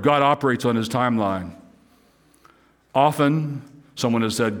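A male pastor delivers a sermon in a church, mid-pitched and conversational. He cracks small jokes and acts out what people might say to God. When he reads scripture he slows down and his voice swells higher and louder. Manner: rises high and loud when reading scripture, voices imagined speakers; conversational asides with humor.

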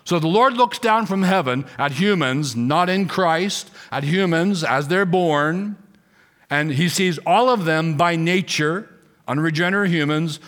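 With a slightly high, fairly bright voice, a preacher works through an expository sermon, emphatic and full of rhetorical questions. He eases his pace when reading scripture.

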